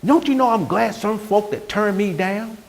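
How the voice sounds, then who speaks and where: A man preaching a sermon as pastor, telling stories with growing energy and sometimes shouting. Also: sits high, normal speed, vocal fry. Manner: animated storytelling, rising to shouts.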